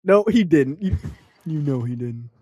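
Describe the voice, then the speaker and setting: A man co-hosting a casual movie review podcast, talking in an animated, profane way and acting out characters' lines. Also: fairly high pitch, measured pace, no room sound, clean studio sound. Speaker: podcast co-host.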